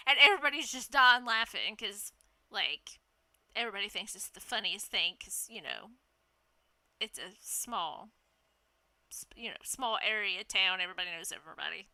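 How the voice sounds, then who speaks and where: Woman, vivid and sharp voice, smooth and crisp, laughing and cursing through a story. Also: fairly high pitch, normal speed, dry recording. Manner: animated, laughing, swears freely. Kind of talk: casual storytelling.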